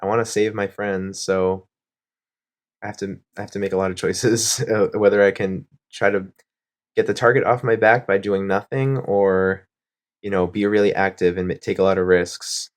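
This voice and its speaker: A man in a game confessional, talking through his choices in a calm, reflective way. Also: fairly low pitch, moderate pace. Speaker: online reality game player.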